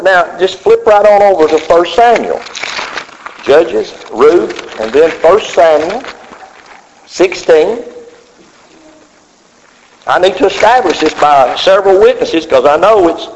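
Preacher with a swooping, lively voice. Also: male voice, slight background noise. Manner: swings from low murmurs to shouted cries. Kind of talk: sermon. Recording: muffled hall recording.

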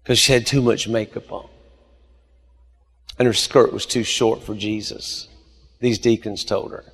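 A man's voice: on the low side, steady tone, unhurried, vocal fry, a bit bright, slightly rough. Man preaching in a reverberant hall. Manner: preaching with rising emphasis, storytelling. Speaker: pastor. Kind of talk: sermon.

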